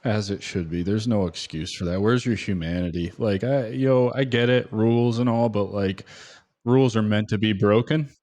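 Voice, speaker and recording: A man's voice: fairly low pitch, normal speed, darkish tone. A man hosting a podcast who reacts with emphatic indignation to his guest's story. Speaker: podcast host. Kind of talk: casual interview reaction.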